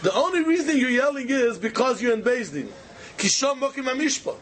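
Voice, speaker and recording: A man giving an animated Talmud lecture in Yiddish-inflected English, with a sing-song study chant and many rhetorical questions. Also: extremely high pitch, a little fast, a little hiss or hum. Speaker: Talmud teacher.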